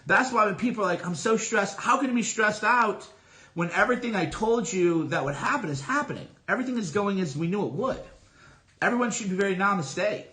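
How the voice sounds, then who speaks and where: A man's voice: sits high, animated, fairly quick, sharp tone. A middle-aged man on a solo livestream, talking casually with boastful, emphatic, repetitive declarations. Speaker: livestream host. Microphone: streaming from a phone.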